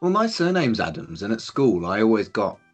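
A man's voice: lowish voice, big pitch swings, a little fast, soft background music. A man chatting casually on a podcast, sarcastic and self-mocking about films. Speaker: podcast co-host. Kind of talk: casual chat.

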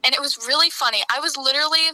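A woman with a high, bright voice chats as a podcast guest. She giggles and gushes. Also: steady tone, racing, no room sound. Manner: giggly, gushing. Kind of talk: casual chat.

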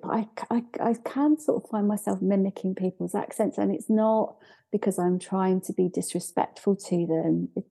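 Woman, forties, from Scotland, very dark tone, gravelly, earnest and halting, interview guest. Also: fairly low pitch. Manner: earnest, hesitant with many restarts and fillers. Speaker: podcast guest. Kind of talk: reflective interview talk.

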